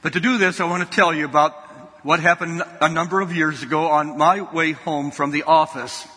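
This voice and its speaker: A man's voice: on the high side, steady tone, normal speed, pushed and bright, breathy edge. A man preaching a sermon, telling a folksy story and often repeating his words. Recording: long hall reverb.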